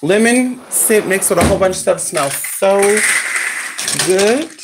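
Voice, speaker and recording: A woman's voice: mid-range voice, lively intonation, measured pace, very noisy. A woman chatting casually with her viewers, sassy and exclamatory, and she swears freely. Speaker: vlogger. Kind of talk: casual live chat to viewers.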